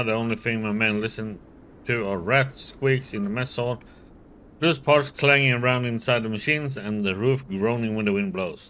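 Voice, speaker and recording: A man's voice: mid-range voice, bright, forceful tone, slight background noise. A man playing a role-playing game and reading its text and dialogue aloud in a casual way. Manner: reads out all the characters in a light, casual way. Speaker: let's play streamer.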